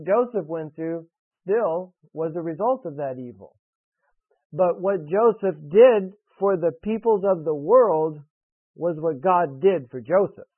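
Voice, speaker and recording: High-voiced man preaching over tinny radio. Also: no echo. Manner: earnest, direct, questioning his listeners. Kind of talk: sermon with scripture reading. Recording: tinny, dry radio broadcast.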